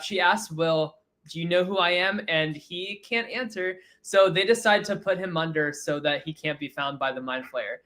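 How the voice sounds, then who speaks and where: A man co-hosting a podcast, summarizing a TV episode in a steady way with hesitant fillers. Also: on the high side. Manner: measured recap with hesitant fillers. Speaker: podcast co-host. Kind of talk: casual TV recap chat.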